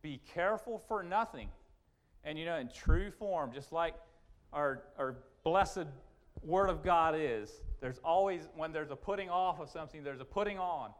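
Emphatic high-voiced preacher man. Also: normal speed. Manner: emphatic, repetitive restarts, rising and falling sharply. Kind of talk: sermon.

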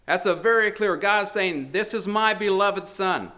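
A man's voice: high voice, a little slow, bright, forceful tone. A man preaching a sermon in an earnest, emphatic way, his voice swelling and dropping for emphasis.

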